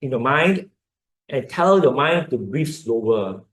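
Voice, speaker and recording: A man's voice: medium pitch, lively intonation, a little slow, fairly bright tone. A man with a Malaysian English accent giving an informal health lecture, explaining and repeating words as he demonstrates breathing. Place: lecture hall. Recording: echoey lecture room.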